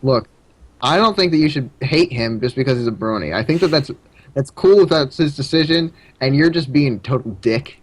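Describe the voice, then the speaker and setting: A man's voice: mid-range voice, animated, brisk, no echo. A man co-hosting a casual gaming podcast, teasing the others and laughing often. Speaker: podcast co-host.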